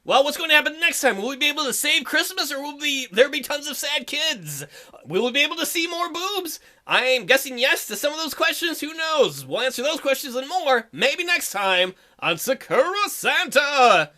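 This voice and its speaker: A man's voice: very high-pitched, sing-song, moderate pace, sharp tone. A man hosting a visual novel playthrough, narrating the text with crude, joking asides. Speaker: let's play host.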